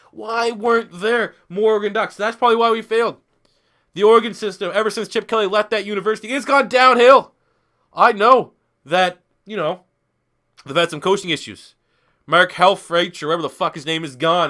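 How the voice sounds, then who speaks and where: Young man, gaming stream, tipsy, high bright voice, rambling and profane. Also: fairly quick. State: a little tipsy from beer. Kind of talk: casual live-stream commentary.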